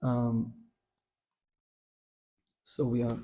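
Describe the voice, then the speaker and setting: A man's voice: fairly high pitch, normal speed, slight background noise. A man, telling a devotional story at a workshop with many fillers and restarts. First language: German. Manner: animated, with frequent fillers and restarts. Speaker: workshop speaker.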